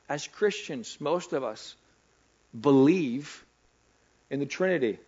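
A man's voice: on the high side, lively intonation, slow, long pauses, a little mellow, slightly rough, muffled recording. Man preaching a conversational sermon. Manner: conversational, rhetorical questions to the congregation. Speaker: pastor. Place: church hall.

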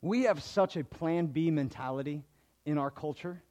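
A male pastor preaching a sermon to a congregation, animated, acting out the people in his stories with big swings in his voice. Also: a little high, normal speed. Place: church hall before a congregation.

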